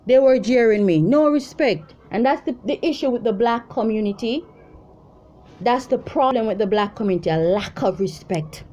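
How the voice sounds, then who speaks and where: A woman's voice: fairly high pitch, moderate pace, warm tone, dull audio. A woman, talking to her viewers in a profane, rambling, exasperated rant. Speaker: intuitive reader vlogger. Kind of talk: casual ranting commentary.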